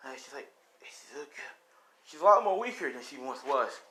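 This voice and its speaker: A man's voice: mid-range voice, animated, quick pace, sharp tone. A man casually improvising a fan story, rambling with many fillers and sighs.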